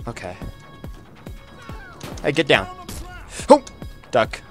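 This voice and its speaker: A man giving casual commentary over his own gameplay, chatty and quick to exclaim when things go wrong. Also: mid-range voice, animated, a bit bright, soft background music. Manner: chatty, easily frustrated, exclaims at setbacks.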